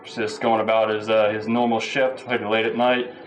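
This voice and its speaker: A man's voice: on the low side, little pitch movement, normal speed, soft background music, poor audio. A man casually telling a joke in a loose, rambling way with fillers.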